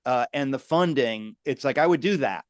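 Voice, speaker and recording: Male host, mid-pitched voice, exclamatory, talks straight to viewers, dry sound. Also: lively intonation, normal speed, dry recording. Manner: exclamatory, addresses viewers directly. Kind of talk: conversational interview.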